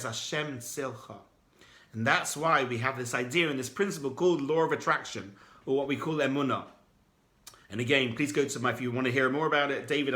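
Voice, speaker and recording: A man, a rabbi, teaching a lively Torah class and acting out the people in his stories. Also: mid-range voice. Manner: animated, dramatic storyteller who acts out quoted speakers.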